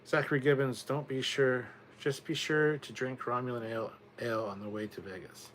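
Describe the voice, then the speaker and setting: A man's voice: mid-range voice, fairly even intonation, moderate pace, a bit bright, slight background noise. A man hosting a casual livestream, reading viewer comments aloud and rambling on in chatty asides, swearing now and then. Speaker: livestream host reading chat.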